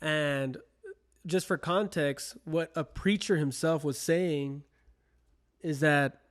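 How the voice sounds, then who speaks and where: A young man co-hosting a casual podcast speaks slowly in a slightly high voice. He addresses listeners directly, earnestly urging them to think for themselves.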